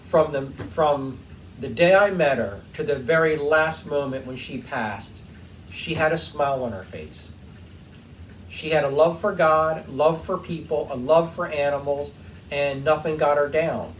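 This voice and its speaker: Male workshop host, slightly high voice, warm rambling storyteller, distant mic with faint noise. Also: a little slow. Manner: heartfelt, rambling, with frequent ums. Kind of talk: casual storytelling while cleaning. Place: home workshop.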